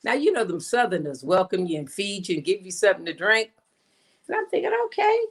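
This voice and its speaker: A woman minister giving an inspirational sermon as a personal story, slowing down to stress her points. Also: expressive, husky. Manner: storytelling, acts out quoted voices with big pitch jumps; slows down for emphasis. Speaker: guest minister. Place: streamed in from home or studio.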